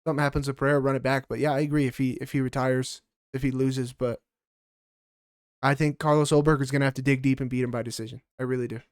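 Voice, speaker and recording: A man's voice: mid-range voice, flat delivery, fast talker, no room sound, clean studio sound. A man co-hosting a casual fight-picks podcast, giving blunt, heated, profane opinions. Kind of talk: casual sports chat.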